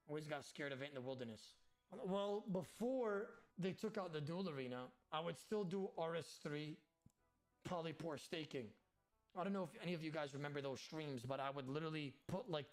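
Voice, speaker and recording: A man chatting casually to his livestream chat while gaming, animated and swearing freely. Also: on the high side. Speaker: game streamer.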